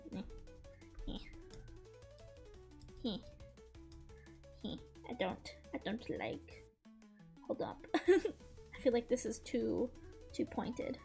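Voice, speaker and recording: A woman streamer chatting casually while she draws, gushing like an excited fan, laughing often and swearing freely. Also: fairly high pitch, drawn-out words, gravelly, long pauses, soft background music. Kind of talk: casual chat while drawing.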